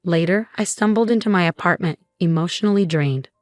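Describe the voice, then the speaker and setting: Young woman, first-person story narrator, even and measured; low voice, dry close sound. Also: no echo. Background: faint music.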